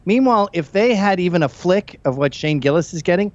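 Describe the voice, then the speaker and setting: Scornful man with lively, slightly muffled delivery. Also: high-pitched, brisk, no room sound. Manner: blunt, scornful, deadpan put-downs. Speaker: guest comedian. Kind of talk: comedic talk show banter.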